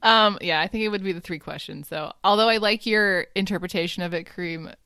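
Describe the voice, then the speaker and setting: A woman's voice: on the low side, a little fast, pushed and bright, clear, resonant tone, no echo, studio quality. A woman from the United States chatting in an easygoing, agreeable way. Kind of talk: casual chat.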